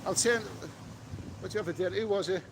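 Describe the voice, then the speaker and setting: Middle-aged man, fairly high voice, blunt and chatty livestream host, outdoor street with faint traffic. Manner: blunt, chatty, quick to snap at trolls. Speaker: travel vlogger reading live chat. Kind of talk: casual livestream chat.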